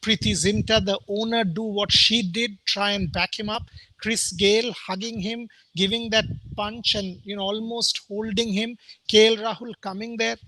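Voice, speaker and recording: A man hosting a live sports talk show, animated and firing off rhetorical questions. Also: high voice, moderate pace, no room sound, rough recording. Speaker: show host.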